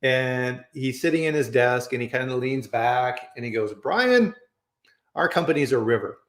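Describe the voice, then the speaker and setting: A man's voice: medium pitch, normal speed, reverberant. A man hosting a casual chat, telling stories and often checking in with "right?". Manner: storytelling, says "right?" often. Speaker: host.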